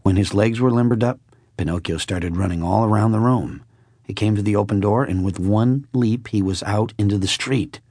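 A man narrating a classic children's story in a measured, expressive way. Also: on the low side, husky, dry recording, studio quality. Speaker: audiobook narrator.

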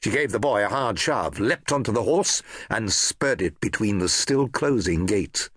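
A man narrating a historical novel audiobook in an expressive storytelling manner. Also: lowish voice, measured pace, slightly rough, dry recording, studio quality.

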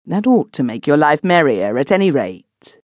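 A woman voicing an uneasy, hesitant middle-aged gentleman in an audiobook. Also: sits low, sing-song, no echo. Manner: hesitant, straining to sound brisk. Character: uneasy middle-aged male master of the house. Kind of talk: audiobook reading.

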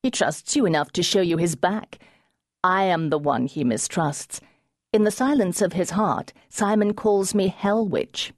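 A woman's voice: fairly low pitch, animated, a little slow, dry recording, voice pushed up. A woman narrator voicing an earnest young woman who senses the truth in others, her voice lifted and urgent, at times dry, in a storybook reading.

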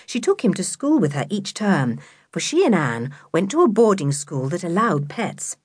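A woman narrating a children's book in an expressive, measured storytelling voice, close to a studio mic. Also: fairly low pitch, slightly rough, dry recording. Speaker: audiobook narrator.

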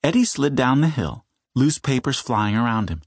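A man reading a children's novel aloud in measured storytelling, slowing down for suspense. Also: mid-range voice, big pitch swings, slightly rough, no echo, studio quality. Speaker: audiobook narrator. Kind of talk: scripted children's audiobook narration.

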